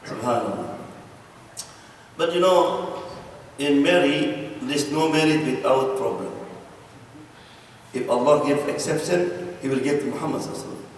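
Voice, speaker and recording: Imam guy, slightly high voice, loose simple english, telling jokes in a booming hall. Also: normal speed, pauses often. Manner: non-native English with dropped articles, jokes with audience. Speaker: imam giving a weekly talk. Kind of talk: informal sermon with anecdotes. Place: mosque hall. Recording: echoey hall from far off, faint noise.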